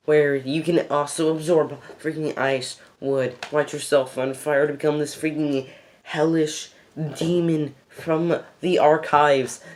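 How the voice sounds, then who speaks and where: A gaming video host giving casual game recommendations, rambling and excitable, often losing the thread mid-sentence and restarting. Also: medium pitch, a little hiss or hum. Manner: rambling and excitable, repeats "freaking epic".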